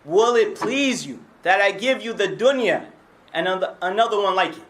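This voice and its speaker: Man, high voice, mosque lecture, fast Arabic recitation, slower English explanation. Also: animated, fairly bright tone. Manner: recites Arabic quickly, then translates in English. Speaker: religious lecturer.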